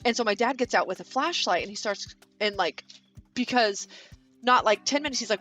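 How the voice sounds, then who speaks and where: Her pitch is fairly high and her pace fairly quick, with a bit of brightness and faint music behind. The speaker, a woman vlogger in her thirties from Kansas, casually talks to viewers while building, telling a long, wandering story with lots of fillers and swearing.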